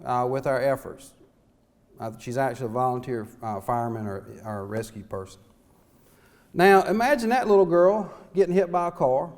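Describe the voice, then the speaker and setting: A middle-aged man, a small-town mayor giving an impassioned, folksy speech full of rhetorical questions at a conference. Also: a little high. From North Carolina. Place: conference hall.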